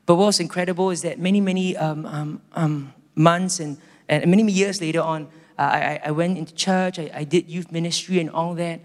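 A man with a Singaporean accent preaching a storytelling sermon, earnest and slowing down for emphasis. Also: on the high side, steady tone. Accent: Singaporean English. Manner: earnest, slows down for emphasis, many restarts. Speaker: pastor. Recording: reverberant hall, faint music.

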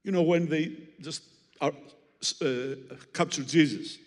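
Male preacher, high lively voice, slow delivery, long hall echo. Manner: animated, teasing, with audience demonstrations. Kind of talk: sermon with Greek word study.

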